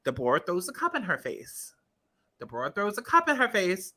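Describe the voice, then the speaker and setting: This woman's mid-range voice swoops wildly in pitch, brisk, bright, and forceful. A commentary vlogger, she scrubs through a reality-TV clip and riffs on it casually and profanely to her viewers, repeating points for emphasis.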